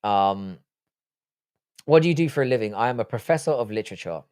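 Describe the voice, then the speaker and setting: A lowish-voiced man with a London accent hosts a casual live stream, reading out viewer comments one by one. He answers bluntly, with dry asides. The sound is dry and close to the mic. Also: lively intonation, a little fast, a little mellow, clear, resonant tone, no echo. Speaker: livestream host reading chat.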